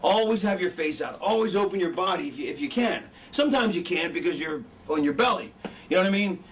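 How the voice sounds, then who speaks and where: High-voiced man rambling, swearing. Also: animated, fast talker. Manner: rambling, loses his train of thought, swears a lot. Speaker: wrestling trainer. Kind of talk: casual profane lecture. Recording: distant mic with background noise.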